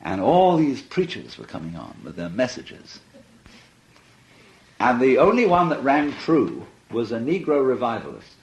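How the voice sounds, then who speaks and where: Older male lecturer, animated intonation, conversational and amused. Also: mid-range voice, a little slow, poor audio. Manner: conversational and amused, with frequent laughter. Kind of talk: philosophical lecture.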